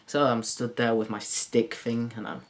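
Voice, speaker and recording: A man doing a rambling, crude, self-mocking stand-up monologue to camera, jumping into silly high put-on voices. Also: little pitch movement, moderate pace. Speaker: comedian.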